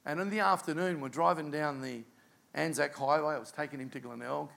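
A middle-aged Australian man preaching a sermon as pastor, telling a personal story in an animated way with quiet asides. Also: fairly high pitch, a little fast, gravelly.

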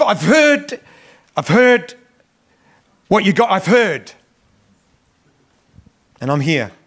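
Male pastor preaching, high voice, fervent emphasis and repetition. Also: a bit bright. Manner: impassioned, rising in pitch on emphasis, frequent repetitions. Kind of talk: sermon.

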